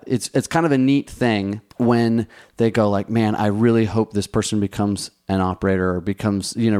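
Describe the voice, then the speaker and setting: A man's voice: fairly low pitch, a little mellow. A man who runs a restaurant, giving career advice in a casual, conversational way full of restarts and fillers. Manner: conversational, many restarts and "you know" fillers. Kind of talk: casual advice talk, answering viewer questions.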